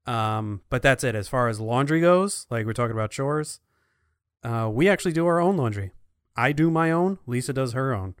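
A relaxed man in casual podcast chat, his voice at an ordinary middle pitch. He talks easily and chuckles often. The recording is close and dry, with no room sound. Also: moderate pace, dry recording. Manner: easygoing, chuckling, playful voices for quotes. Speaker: podcast co-host.

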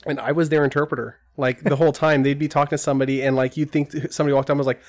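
A man's voice: fairly high pitch, level tone, racing, noisy background. A man co-hosting a podcast in casual chat, rambling with jokey asides. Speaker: podcast co-host.

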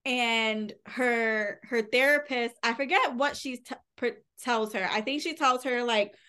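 Speaking unhurriedly in a slightly high, bright, forceful voice, a female podcast co-host casually summarizes a book she's reviewing. She's chatty and meandering, swears casually, and fills her speech with "like."

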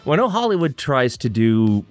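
Easygoing American man, animated. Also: mid-range voice, normal speed, faint music behind. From United States. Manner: easygoing, curious, laughs along. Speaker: podcast co-host. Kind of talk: casual chat.

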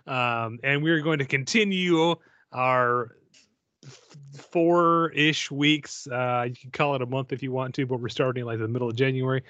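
A man hosting a casual nerdy podcast, rambling and joking between fillers and laughs. His voice is bright and forward, and the sound is close and dry. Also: mid-range voice, normal speed, no echo, highs cut off. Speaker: podcast host.

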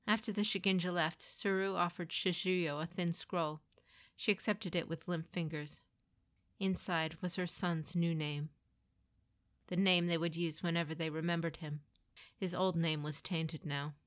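A woman narrating a grim fantasy story in a dramatic, expressive reading. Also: lowish voice, measured pace, dry recording.

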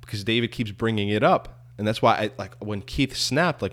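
A man with a fairly low voice talks through a casual podcast discussion. He rambles, restarts his sentences and presses his co-host with questions. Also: moderate pace, fairly bright tone. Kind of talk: casual chat.

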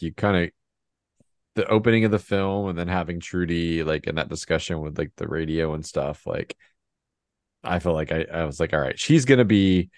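A man with a very deep voice gushes about a movie in a casual chat, leaning on "like" constantly. His sound is dry and close. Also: dry recording. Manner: enthusiastic, heavy use of "like".

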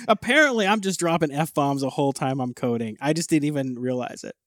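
A man's voice: a little high, a little fast, few pauses, dry recording. A man co-hosting a podcast in casual chat, telling stories with frequent laughter and casual swearing. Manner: animated storyteller, laughs often, swears casually. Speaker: podcast co-host.

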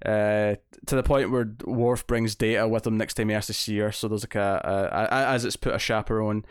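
A man's voice: fairly low pitch, little pitch movement, normal speed, clear, resonant tone, dry recording, studio quality. A man co-hosting a podcast. He chats casually and rambles, with many fillers and restarts. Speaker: podcast co-host. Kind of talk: casual chat.

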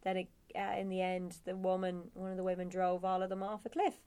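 A woman's voice: on the low side, level tone, a little fast, mellow, clear, resonant tone. A woman co-hosting a podcast in casual chat, rambling on and laughing easily. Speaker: podcast co-host.

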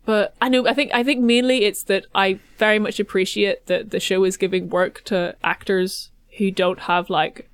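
A woman's voice: mid-range voice, fairly even intonation, normal speed, few pauses, clean tone, no echo, studio quality. A woman hosting a podcast who talks casually with many fillers and wraps up the show. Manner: chatty, lots of fillers. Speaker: podcast host. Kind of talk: casual chat.

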